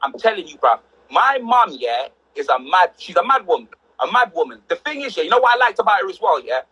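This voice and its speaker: A young man, telling animated stories on a livestream, full of street slang and acted-out quotes. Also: sits high, fairly quick, breathy edge, low-quality recording. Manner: slang-heavy, excitable, acts out quotes. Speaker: livestream host.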